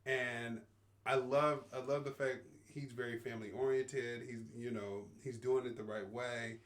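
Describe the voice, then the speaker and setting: A man's voice: medium pitch, fairly even intonation, moderate pace. A man co-hosting a podcast, chatting in an easygoing, slangy way and laughing often. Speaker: podcast co-host. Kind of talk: casual chat.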